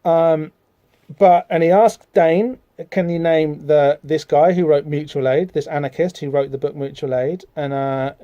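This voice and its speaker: A man's voice: fairly high pitch, steady tone, unhurried, warm tone, dry recording, lo-fi sound. A man hosting a podcast, talking casually about a comic book with lots of fillers and rambling asides. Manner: rambling, chatty, many fillers, reads out dialogue in voices. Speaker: podcast host.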